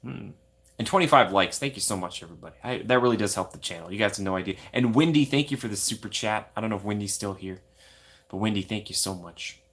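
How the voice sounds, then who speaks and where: A man's voice: on the low side, quick pace, fairly bright tone. A young man hosting a casual live stream from home, reading chat aloud and joking at his own expense. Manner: playful, self-mocking, reads chat aloud.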